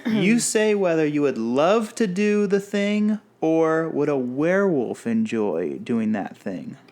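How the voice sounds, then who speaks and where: A man's voice: on the high side, expressive, takes it slowly, darkish tone. A man co-hosting a podcast in casual chat, joking with puns and running a quiz game. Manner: playful, punning, runs a quiz game. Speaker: podcast co-host.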